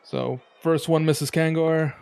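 A man's voice: a little high, fairly even intonation, creaky, darkish tone, clear, resonant tone. A man narrating as game master in a casual tabletop game session. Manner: casual, unhurried narration with fillers.

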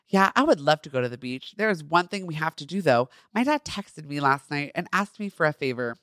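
A man's voice: fairly high pitch, expressive, brisk, sharp tone, no room sound, studio quality. A man reading the lines of a friendly young male actor in his own fan fiction, cheerful and easygoing. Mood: upbeat.

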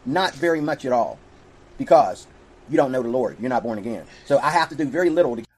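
A man's voice: medium pitch, expressive, fast, darkish tone, husky, soft background music, poor audio. A man in a played clip preaching insistently, repeating questions and talking about the Lord. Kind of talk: preachy monologue.

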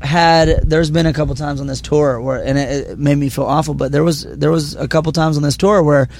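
A young man, a musician guest, chatting quietly with a slightly raspy voice just after coming off stage, many fillers, mic held close to his mouth. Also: a little high, fairly even intonation, fairly quick. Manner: speaking quietly, filler-heavy. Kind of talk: casual interview chat. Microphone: handheld mic held close.

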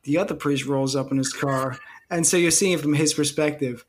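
Higher-voiced man telling a story with gusto. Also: brisk, slight background noise. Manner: animated, laughing storyteller. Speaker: podcast co-host. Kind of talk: casual movie chat.

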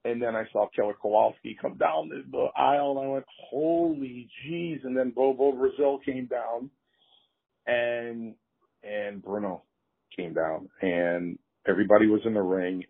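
A man telling wrestling stories in an interview, animated and repeating himself as he acts out what people said. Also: fairly low pitch, vocal fry, husky. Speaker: former pro wrestler. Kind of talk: storytelling in an interview. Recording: tinny phone-line sound.

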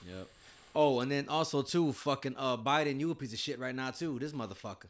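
A man talking fast in a loose, profane chat. His voice sits mid-range and he tells stories with energy, often breaking into laughter. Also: medium pitch. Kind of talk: casual chat.

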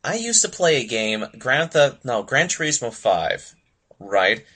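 A man's voice: mid-range voice, very animated, unhurried, pushed and bright, breathy edge. A young man co-hosting a casual gaming podcast, rambling with lots of fillers and laughing often. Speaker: podcast co-host.

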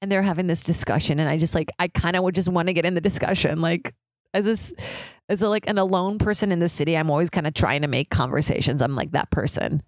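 A woman's voice: fairly even intonation, fast talker, no echo. A young woman hosting a casual solo podcast, chatty and swearing, peppered with "like". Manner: mimics others in high squealing voices. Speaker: podcast host.

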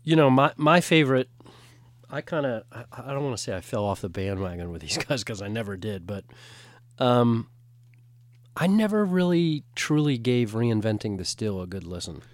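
A man's voice: mid-range voice, very animated, normal speed, dry recording. A man co-hosting a music radio show, talking in an easygoing, hesitant way full of fillers. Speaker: radio co-host. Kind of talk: casual chat.

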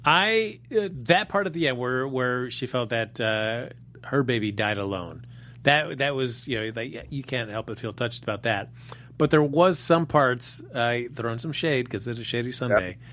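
A man co-hosting a soap opera chat show, talking in a measured, analytical way. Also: mid-range voice, animated, fairly bright tone. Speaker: co-host. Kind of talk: casual chat.

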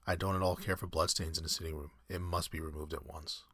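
A man voicing a proper, fastidious lady of the house, with a prim, brisk delivery. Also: extremely low pitch, little pitch movement, sharp tone, slightly rough, no echo, studio quality, heavily acted.

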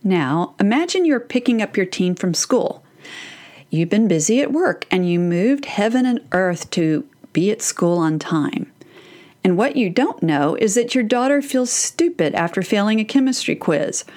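A woman's voice: medium pitch, sing-song, a little slow, darkish tone. A woman in her fifties talking earnestly to other parents, explaining her advice through metaphors.

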